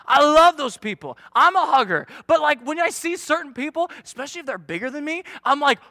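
A young man, a youth pastor, preaching a sermon with energetic, joking, self-deprecating humor. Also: extremely high pitch, brisk, dry recording, clean studio sound.

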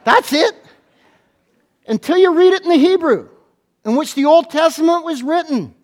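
Male pastor, church sermon, strikingly high-pitched voice, playful, animated delivery, stuttering restarts. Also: brisk. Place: church, speaking to a congregation.

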